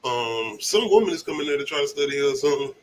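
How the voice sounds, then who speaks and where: A man's voice: medium pitch, expressive, fast. A man from the American South co-hosting a movie review, talking in loose, profane, laughing banter. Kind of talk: casual chat.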